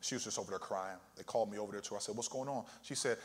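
A low-voiced man racing through his words delivers a fervent sermon as pastor, repeatedly calling out to his congregation. The sanctuary's hall reverb makes it echo.

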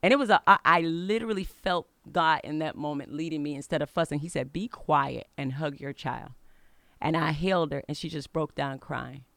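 A woman's voice: low voice, a little fast, hardly any pauses, fairly bright tone, no room sound. A middle-aged woman hosting a faith-based podcast, telling a personal story in an earnest, conversational way and urging listeners on. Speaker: podcast host.

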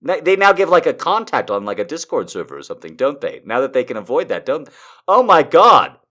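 A man's voice: a little high, sing-song, a little fast, pushed and bright. A man reading an erotic story aloud for laughs, mock-dramatic, breaking off into swearing and laughing asides. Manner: mock-dramatic, swinging from whispers to shrieking, frequent laughter and swearing.

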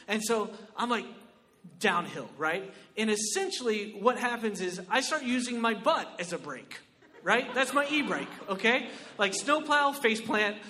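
A man with a very high, bright, forceful voice tells a stand-up story. He is animated and exclamatory and keeps asking the audience "right?" His voice rings out with a long hall reverb. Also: unhurried. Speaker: comedian.

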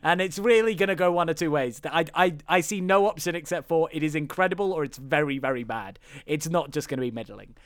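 A man's voice: a little high, fast, hardly any pauses, clear, resonant tone, no echo, studio quality. A man hosting a casual film podcast, wry and rambling, laughing often at his own asides. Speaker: podcast host.

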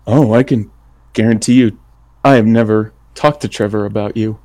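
A man playing in a tabletop role-playing game, talking in a relaxed, rambling way and laughing often. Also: lowish voice, moderate pace. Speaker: player.

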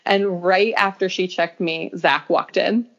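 Lively young woman telling a story. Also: a little slow. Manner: animated, acts out quoted lines with pitch jumps, laughs often. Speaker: podcast guest telling a birth story. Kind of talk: casual conversational storytelling. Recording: dull lo-fi audio.

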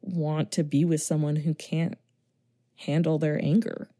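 Mellow-voiced young woman giving blunt opinions. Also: low voice, little pitch movement, no echo, studio quality. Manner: blunt, opinionated, quick to laugh. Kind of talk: casual movie discussion.

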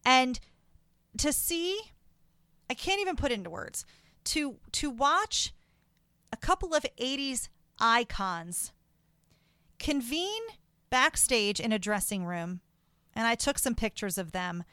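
An excitable woman host gushes through her story in a fairly high voice. The sound is dry and close to the mic, with no room around it. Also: slow pace, long pauses, smooth, dry recording. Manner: gushing, excitable. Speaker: podcast host. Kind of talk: casual chat.

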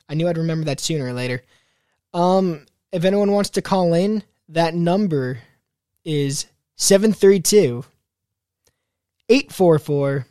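A young man hosts a casual solo podcast in a somewhat high voice. He rambles, restarts sentences and fills gaps with "uh" and "like". The sound is dry and close. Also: no echo. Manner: rambling, lots of fillers and restarts. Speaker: podcast host.

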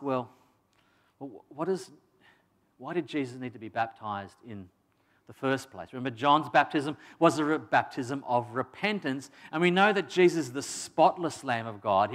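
A man delivering a sermon in a chatty, emphatic manner, pitched in a middling range. He restarts phrases and drops in casual asides as he explains. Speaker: preacher.

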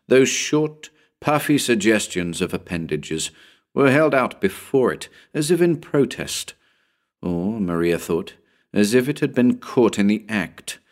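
Deep-voiced man narrating suspensefully. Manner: dramatic, suspenseful storytelling. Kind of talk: scripted audiobook narration.

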